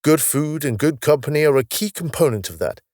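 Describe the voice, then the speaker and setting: A man voicing a calm, knowledgeable male space officer from the far future who patiently explains his world with a wry touch. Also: fairly high pitch, fairly quick, dry recording, studio quality, voice pushed up, natural voice. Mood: explaining.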